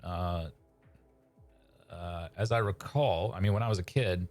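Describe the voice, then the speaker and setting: A man's voice: low voice, unhurried, long pauses, darkish tone, soft background music. A man chatting casually on a live stream about sketches, hesitant with many fillers. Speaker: sketch writer and stream host.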